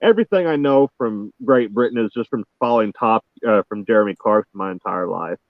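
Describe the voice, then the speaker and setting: A man's voice: lowish voice, a little fast, dry recording. A man calling in, rambling and hesitant with many restarts. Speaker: caller. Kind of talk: casual call-in chat. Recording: tinny phone-like line.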